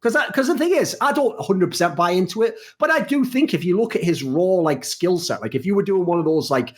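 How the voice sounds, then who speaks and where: A man's voice: lively intonation, fairly quick, darkish tone. A man hosting an esports podcast, ranting in a casual, profane way and acting out what other people say. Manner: acts out quoted people with big pitch jumps. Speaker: podcast host.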